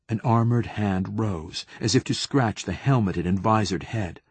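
A man narrating an audiobook in a steady, measured reading. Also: fairly low pitch, husky, no echo. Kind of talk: scripted narration.

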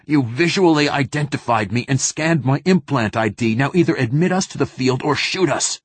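A man's voice: mid-range voice, normal speed, breathy edge, dry recording, lightly acted. A man voicing a wounded young male governor who gives clipped, authoritative orders. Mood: commanding.

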